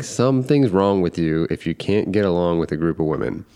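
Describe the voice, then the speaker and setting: A man's voice: low voice, animated, brisk, noisy background. A man co-hosting a podcast in casual chat, laid-back and a bit hesitant. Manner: laid-back, hesitant, many ums and restarts. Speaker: podcast co-host.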